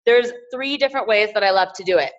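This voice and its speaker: A woman's voice: medium pitch, fast talker, highs cut off. A woman giving an upbeat motivational training talk as a team trainer, encouraging her listeners and repeating key phrases.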